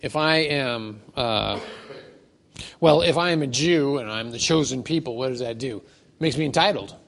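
A man's voice: medium pitch, normal speed, gravelly, a bit bright. A man joining a Bible study discussion, agreeing enthusiastically and expanding on the point.

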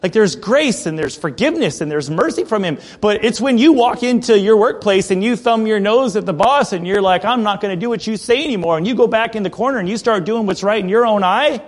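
This adult pastor speaks in a high voice with lively intonation, moving fairly quickly and barely pausing. His expository sermon is conversational: he reads passages of scripture and unpacks them with offhand remarks.

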